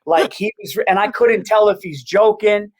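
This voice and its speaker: A man, a comedian guest, telling a story in casual chat, animated and quick with restarts and swearing. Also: high-pitched, low-quality recording.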